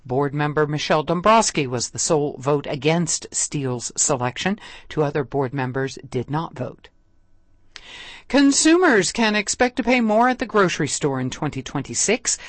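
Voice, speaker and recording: A local public radio newscaster speaks into a studio mic, reading scripted headlines, weather alerts and station IDs in a measured, clear way. The mid-range voice has a sing-song lilt, and the recording is dry.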